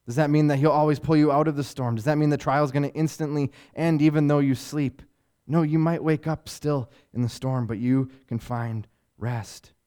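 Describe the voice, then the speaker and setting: A man's voice: a little high, fairly even intonation, normal speed, warm tone, smooth. Earnest male preacher asking rhetorical questions. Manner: conversational, with asides and fillers. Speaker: pastor. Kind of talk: sermon.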